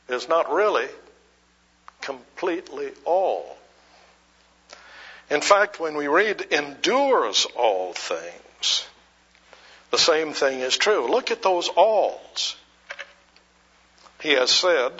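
A male preacher delivers a sermon at an unhurried, measured pace, asking his listeners rhetorical questions and answering them. His voice is husky and swings widely in pitch. The recording is dull and muffled. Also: a bit bright.

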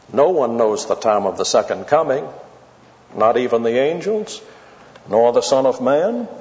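A man giving an expository Bible lecture, deliberate and emphatic, stretching out key words for stress. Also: on the high side, darkish tone. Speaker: Bible teacher. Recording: dull lo-fi tape in a reverberant hall.

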